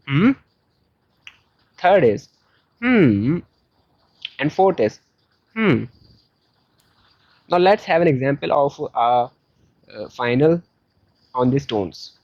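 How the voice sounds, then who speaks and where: Slow, patient man teaching a beginner lesson. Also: mid-range voice, a little mellow, no echo. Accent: South Asian English. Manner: slow, patient explanations with many fillers. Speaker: Chinese teacher. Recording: dull lo-fi sound.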